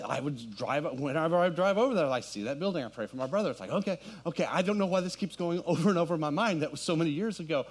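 A middle-aged pastor with a darkish, mid-range voice tells his congregation a story inside the church sanctuary, then works up to a fervent sermon.

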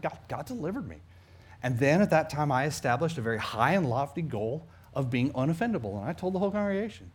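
Preaching as a pastor, this middle-aged man has a somewhat high voice with a breathy edge. He moves back and forth between forceful declarations and soft asides.

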